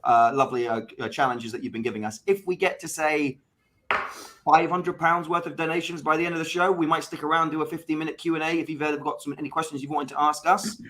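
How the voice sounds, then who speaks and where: A man's voice: on the high side, steady tone, fairly bright tone. A man co-hosting an online improv comedy livestream, talking upbeat and casually to viewers. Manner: quick, upbeat, thanks viewers.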